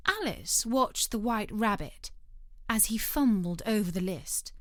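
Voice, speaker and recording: A woman narrating a storybook in a gentle, unhurried manner. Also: medium pitch, expressive, no room sound, studio quality.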